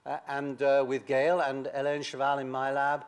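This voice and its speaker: An older man giving a science lecture, halting, with many pauses and restarts. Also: mid-range voice, completely flat delivery, clean tone. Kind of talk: academic lecture.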